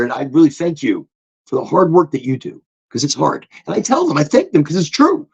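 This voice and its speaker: A man hosting a casual motivational podcast monologue, talking in a loose, animated way. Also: a little fast, gravelly, breathy edge. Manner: animated, swoops into high excited tones when retelling stories. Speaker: podcast host. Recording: dull lo-fi recording.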